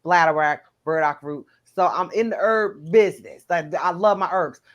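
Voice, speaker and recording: A middle-aged woman from New Jersey with a New Jersey accent, co-hosting a casual chat in an animated, chatty way. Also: fairly low pitch, normal speed. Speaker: co-host.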